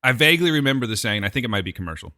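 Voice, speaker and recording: Teasing man with a bright, lively voice. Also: mid-range voice, rapid-fire. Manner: dry, teasing banter. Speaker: podcast co-host. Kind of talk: casual chat.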